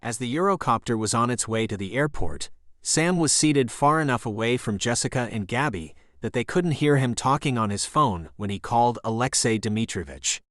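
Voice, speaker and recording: Male thriller narrator, mid-range voice, even storytelling read, dry booth sound. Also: mid-range voice, moderate pace, dry recording. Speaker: audiobook narrator.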